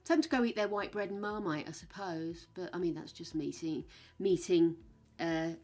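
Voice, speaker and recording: A woman's voice: on the low side, moderate pace, darkish tone. A woman chatting casually with her stream viewers, frank and chatty, swearing now and then. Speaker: game streamer.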